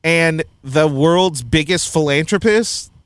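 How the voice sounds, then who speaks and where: A man's voice: on the high side, slow, a bit bright, dry recording. A man hosting a casual film review chat, blunt and opinionated, often laughing at his own points. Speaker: podcast host reviewing a film.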